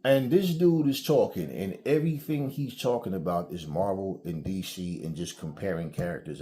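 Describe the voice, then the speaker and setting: A man's voice: on the low side, big pitch swings, normal speed, warm tone. A middle-aged man, the channel's host, ranting casually and profanely, acting out mock quotes as he tells his stories. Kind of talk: casual vlog rant.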